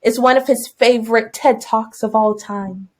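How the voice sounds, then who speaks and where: A young woman teacher co-hosting a podcast, telling a story in casual chat and acting out her own yelling and thoughts. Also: on the high side, fairly even intonation, normal speed. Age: young adult.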